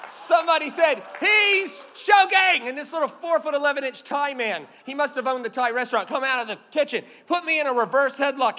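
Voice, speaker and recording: A man's voice: very high-pitched, sharp tone, in a large hall, slight background noise. A man preaching a sermon as a pastor, emphatic and punchy, telling stories with jokes.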